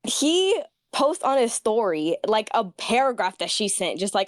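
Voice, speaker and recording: Animated woman caller, dry close sound. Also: a little high, moderate pace, no room sound. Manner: animated, petty, acts out quotes. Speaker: caller asking for advice. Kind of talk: casual storytelling.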